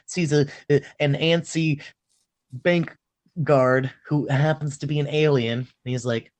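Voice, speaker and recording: A man's voice: a little high, a little slow. A man co-hosting a casual podcast, retelling a film scene by scene with swearing and bursts of acted-out lines. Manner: animated storytelling, swearing, acting out lines. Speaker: podcast co-host recapping a film. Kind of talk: casual chat.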